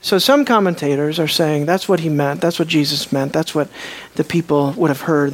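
Preacher giving a sermon, goes quiet and slow then gets loud and punchy, keeps asking the crowd questions. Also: mid-range voice, lively intonation. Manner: swings between hushed, slow asides and loud, emphatic declarations; asks the listeners rhetorical questions.

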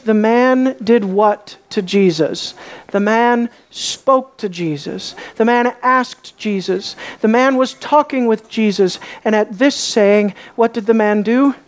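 A woman preaching a sermon, emphatic, asking her listeners questions and swinging between loud stresses and hushed lines. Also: fairly high pitch.

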